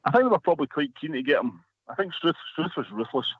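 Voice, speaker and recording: A man's voice: fairly high pitch, big pitch swings, fast, husky, no echo. A man telling a long story as a radio guest, rambling with many restarts. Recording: phone line.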